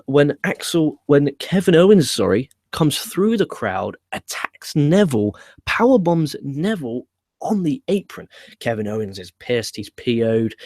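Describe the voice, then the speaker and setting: A man's voice: mid-range voice, a little mellow, no room sound, clean studio sound. Blunt, profane man recapping wrestling. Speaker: wrestling show reviewer. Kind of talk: casual fantasy-booking recap.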